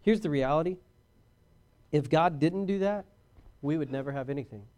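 Brief: male pastor, sermon, high-pitched, calls for amens, booms then drops to a hush. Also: moderate pace, clean tone. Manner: swings between loud exhortation and hushed earnest talk.

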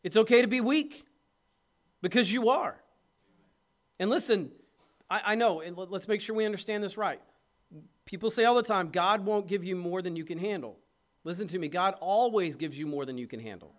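Preacher, middle-aged man, high voice, impassioned sermon delivery that swings loud to soft. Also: moderate pace. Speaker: pastor.

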